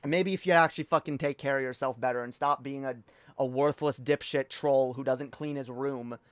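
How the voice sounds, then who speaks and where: A woman's voice: rumbling low, fairly even intonation, fairly quick, no echo. A woman streaming a reaction video, ranting heatedly and profanely with frequent restarts. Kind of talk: livestream rant.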